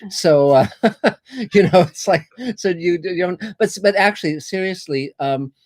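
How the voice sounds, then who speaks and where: A man's voice: sits high, measured pace, dry recording, studio quality. A man hosting a casual group video call, eagerly affirming others and chatting with restarts. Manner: eager, many short affirmations.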